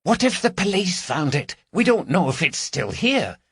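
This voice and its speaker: A man voicing a jittery, foul-mouthed woman burglar who scolds her partner in a raised, shrill voice. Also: sing-song, normal speed, gravelly, slightly rough, no room sound, studio quality, full character voice. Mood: anxious. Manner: shrill, swearing, panicky.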